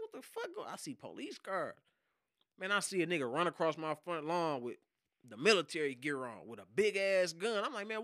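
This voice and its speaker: A man, a podcast guest and hip hop producer, telling a story in casual, profane slang and acting out loud shouted quotes. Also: on the high side, no echo, clean studio sound. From Detroit.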